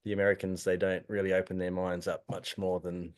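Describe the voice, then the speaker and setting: A man with an Australian accent chatting casually on a video call, relaxed and rambling, laughing along as he talks. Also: sits low, fairly quick. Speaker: guest.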